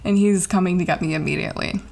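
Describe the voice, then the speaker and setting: A young college woman hosts her own podcast, recounting a personal story in a chatty, animated style full of swearing and "like." Her voice is lowish and gravelly, and she talks quickly.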